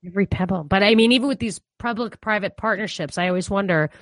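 A woman's voice: medium pitch, quick pace, dry recording. Opinionated New York woman co-host. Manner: animated, opinionated, frequent fillers like "you know". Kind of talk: casual political commentary.

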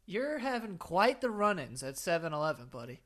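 Young male co-host, bright voice, dry wisecracks. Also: high voice, sing-song, normal speed. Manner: dry, joking replies. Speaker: podcast co-host. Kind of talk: casual chat.

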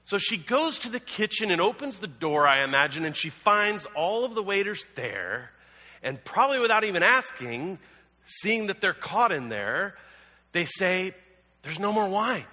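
A man's voice: sits high, big pitch swings, moderate pace, sharp tone. A man preaching a sermon as a pastor, telling the story conversationally with humorous asides. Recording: long hall reverb.

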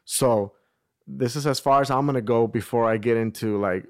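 A young man telling a story to friends in casual chat, animated, swearing freely, full of slang and acting out what people said. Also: mid-range voice, normal speed.

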